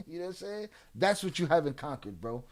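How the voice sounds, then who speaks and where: A man's voice: on the high side, sing-song, fairly quick, a little mellow. A man hosting a livestream, taunting and trash-talking trolls in the chat in a drawling, streetwise way. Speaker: livestream host. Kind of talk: live-stream chat with viewers.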